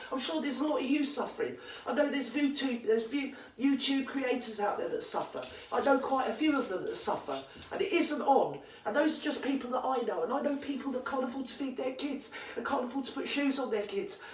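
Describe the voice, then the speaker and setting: A woman's voice: on the high side, animated, a little fast, a little hiss or hum. Sweary English woman ranting, echoey room. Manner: indignant, sweary rant. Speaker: comedy character vlogger. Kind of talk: ranting character comedy monologue. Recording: echoey room, far from the mic.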